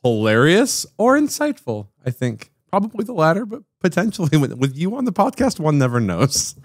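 A man's voice: a little high, huge pitch swings, normal speed, no room sound, studio quality. A man hosting a casual podcast chat, rambling and restarting his sentences, with exasperated asides. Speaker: podcast host.

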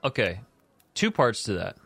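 A man's voice: on the low side, very animated, moderate pace, gravelly, fairly bright tone, breathy edge, dry recording. Laid-back man co-hosting, dry close sound. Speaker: podcast co-host. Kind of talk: casual gaming podcast chat.

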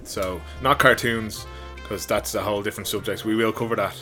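Bright, low-voiced podcast host. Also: male voice, steady tone, fairly quick, soft background music. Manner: laid-back, laughs along, introduces segments. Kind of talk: casual podcast hosting.

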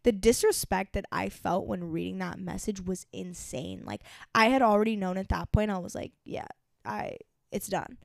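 A woman's voice: mid-range voice, fairly even intonation, normal speed, creaky, no echo, clean studio sound. A woman in her twenties co-hosting a casual podcast, telling a personal story candidly and emotionally, with lots of fillers and swearing. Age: 20s. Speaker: podcast co-host.

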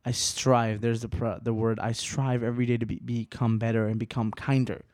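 A man in his twenties talking alone on his podcast, rambling and swearing, restarting sentences, swinging between quiet musing and riled-up ranting. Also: mid-range voice, little pitch movement, normal speed, no echo, clean studio sound. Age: 20s. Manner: profane, rambling, restarts often. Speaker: solo podcaster.

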